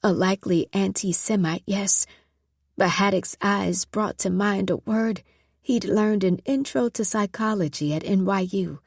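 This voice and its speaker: A woman narrating a story in a measured, scripted audiobook reading. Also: medium pitch, darkish tone, no echo, studio quality.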